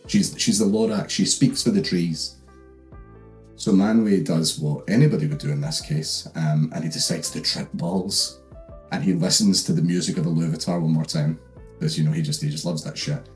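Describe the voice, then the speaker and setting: A man's voice: deep voice, moderate pace, faint music behind. A young Scottish man hosting a comedic book recap, rambling with lots of fillers and swearing. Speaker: host.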